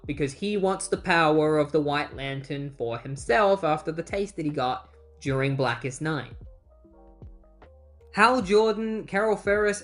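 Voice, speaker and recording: A comic book retrospective host runs through the plot in a loose, conversational way. The host drops wry asides and the occasional curse along the way. The voice sits in a middle pitch. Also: fairly bright tone. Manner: breezy, wry, swears casually, acts out quotes. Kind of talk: casual plot recap.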